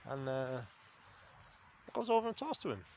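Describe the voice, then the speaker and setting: A man's voice: medium pitch, very animated, measured pace, a little mellow, slight background noise. A man, talking to camera in a blunt, rambling, sweary monologue. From England. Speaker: vlogger. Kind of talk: casual spoken monologue.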